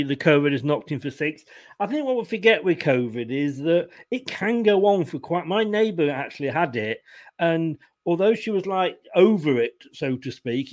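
Higher-voiced chatty football host. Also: male voice. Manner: chatty, stumbling restarts, quick to laugh. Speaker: host of a football fan show. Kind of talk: casual football discussion reading viewer comments. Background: home setting.

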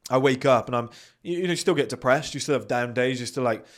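A man's voice: medium pitch, quick pace. A man with a British accent, hosting a podcast and giving a blunt motivational monologue, swearing freely and acting out the voices of the people he quotes. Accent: British English. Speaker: podcast host.

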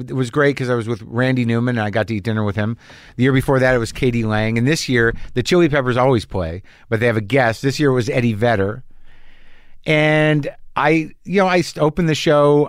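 A man's voice: mid-range voice, smooth, no echo, clean studio sound. Sardonic rambling male podcast host. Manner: rambling, sardonic, self-deprecating storytelling. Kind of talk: comic monologue then casual interview.

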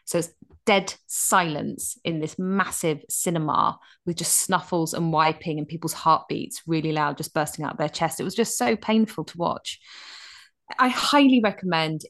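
A woman in her thirties co-hosting a casual radio chat, reviewing a film with animated, restart-filled storytelling. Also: low voice, moderate pace. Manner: chatty, animated, many restarts. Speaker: radio co-host.

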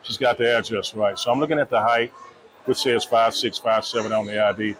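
Crowd chatter fills a busy restaurant as a nightclub security chief recounts stories casually for an interview, raising his voice to act out dialogue. He speaks a little fast in a fairly low, steady, fairly bright voice, on a low-quality recording.

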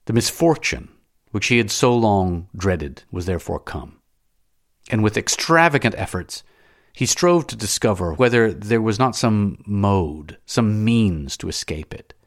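A man reading a classic novel aloud as an audiobook narrator, in a measured, dramatic way. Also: lowish voice, dry recording, clean studio sound.

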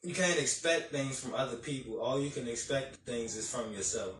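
A man's voice: medium pitch, normal speed, a bit bright, a little hiss or hum. A man co-hosting a casual live-stream chat, reflective and encouraging, with loose filler words. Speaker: podcast co-host. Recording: roomy, distant mic.

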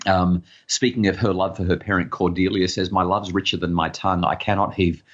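A man's voice: deep voice, steady tone, fairly quick, dull audio. A middle-aged man giving earnest advice as a parenting expert in a podcast interview, often repeating words as he starts a sentence.

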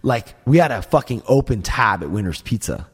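A man's voice: mid-range voice, big pitch swings, moderate pace, breathy edge. A man in casual chat, telling rambling, profane stories packed with "like" and filler. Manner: rambling, profane storytelling, heavy use of "like".

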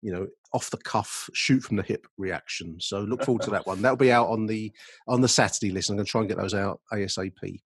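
A man co-hosting a podcast, talking in a halting, rambling way with many restarts. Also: lowish voice, slightly rough, no echo, studio quality. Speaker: podcast co-host. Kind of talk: casual chat.

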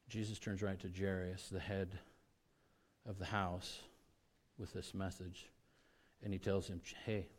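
A man preaching a sermon, talking casually to his congregation and swinging from hushed, quiet lines to loud, emphatic peaks. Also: lowish voice. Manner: conversational, with many restarts and asides to the congregation. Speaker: pastor.

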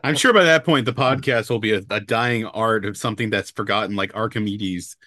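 A man's voice: lowish voice, a little fast, bright, forceful tone, no room sound, studio quality. A man co-hosting a podcast in casual chat, making wry asides. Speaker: podcast co-host.

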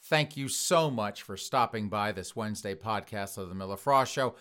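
A man hosting a podcast, telling a comic story in an animated way and calling out to his listeners. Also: lowish voice, moderate pace, clear, resonant tone. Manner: animated, addresses listeners as folks. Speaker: podcast host.

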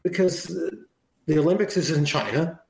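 A man's voice: a little high, normal speed, vocal fry, echoey room, over a noisy crowd, rough recording. A man chatting on a talk show in a rambling, conversational way, often restarting his sentences.

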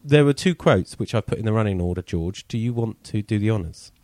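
Low-voiced guy hosting a footy podcast, dry close mic, jokey. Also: lively intonation, a little fast, a little mellow, dry recording. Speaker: podcast host. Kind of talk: casual football podcast chat.

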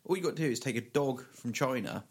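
A man's voice: mid-range voice, animated, fast, slightly rough. A man hosting a podcast, chatting casually, rambling and joking with frequent laughs. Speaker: podcast host. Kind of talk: casual chat.

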